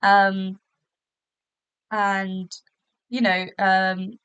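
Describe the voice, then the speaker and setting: A woman's voice: medium pitch, flat delivery, very slow, a bit bright, smooth, dry recording, dull audio. A woman hosting a podcast, chatting casually through a review with lots of fillers and restarts, recorded in a hotel room. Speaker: podcast host.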